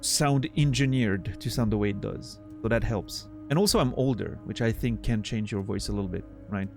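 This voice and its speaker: A man's voice: on the low side, moderate pace, creaky, over music. Easygoing male streamer chatting with viewers. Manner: easygoing, thanks viewers and chats with them. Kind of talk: casual chat with live viewers. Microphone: studio condenser microphone.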